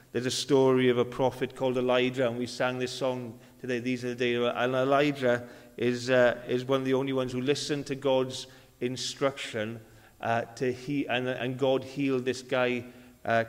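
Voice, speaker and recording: A man delivers a sermon in an easy, talking style at a mid pitch. He circles back to key phrases to drive them home. His voice carries a long hall reverb, as if from a big church. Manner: conversational, repeats key phrases for emphasis. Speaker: preacher. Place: church service.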